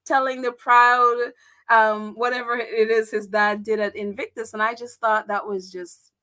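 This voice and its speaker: A woman's voice: a little high, flat delivery, unhurried, sharp tone. A woman hosting a casual livestream, chatty, with frequent laughter and filler words. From United States. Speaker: livestream host.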